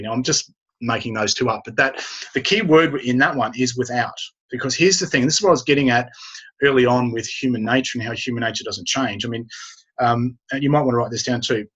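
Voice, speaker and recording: A husky-voiced man talks through his copywriting advice in a relaxed interview and hammers his main points home by repeating them. The audio is dull and lo-fi. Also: medium pitch. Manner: emphatic, repeats key phrases. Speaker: copywriter guest. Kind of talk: casual interview chat.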